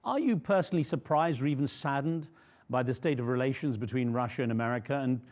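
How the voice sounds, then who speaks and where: A man conducting a news interview, asking probing questions in a measured way with occasional fillers. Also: medium pitch, a little mellow.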